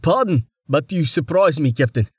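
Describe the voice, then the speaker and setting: A man's voice: a little high, lively intonation, moderate pace, husky, dry recording, pitched above the performer's own voice. A man putting on a jittery weaver with a raised, eager-to-please voice that bows to every word. He sounds nervous and formal, recorded dry and close with no room sound. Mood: anxious. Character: anxious humble middle-aged male weaver.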